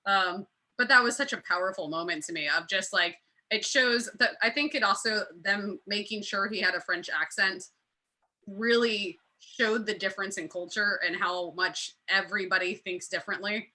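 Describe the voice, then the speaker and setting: A woman on a panel chatting casually over a video call, acting out scenes in quick quoted voices. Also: mid-range voice, pushed and bright, rough recording.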